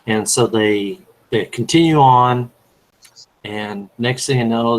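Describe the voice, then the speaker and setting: A man's voice: on the low side, rough recording. Rambling man telling a long tale. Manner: rambling, fills with "you know". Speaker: panel guest. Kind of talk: casual storytelling.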